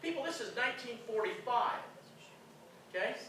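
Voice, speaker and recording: Man, conference lecture, high bright voice, emphatic, rhetorical questions. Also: animated, moderate pace, slight background noise. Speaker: conference speaker. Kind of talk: lecture to a live audience. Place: conference hall. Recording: echoey hall, distant mic.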